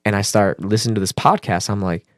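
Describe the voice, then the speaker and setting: A man telling a personal story as a podcast guest, casual and animated, swearing and using fillers. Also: quick pace, no echo, studio quality. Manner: animated, acts out quotes with raised pitch.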